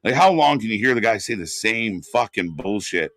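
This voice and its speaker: A man's voice: lowish voice, lively intonation, normal speed, a bit bright, no room sound. A man hosting a live wrestling watch-along stream, chatting casually and bluntly with plenty of swearing while answering chat. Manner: casual and profane, reads chat aloud.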